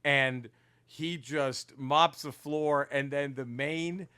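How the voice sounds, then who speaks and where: A man co-hosting a casual podcast, retelling comic book plots in an animated, profane way with lots of restarts. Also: a little high, slow, clear, resonant tone. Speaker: podcast co-host.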